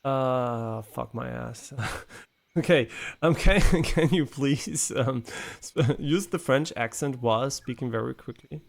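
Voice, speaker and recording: Gravelly, foul-mouthed male game streamer. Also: mid-range voice, takes it slowly. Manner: profane, laughing, teasing a voice assistant. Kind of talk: casual live-stream chat.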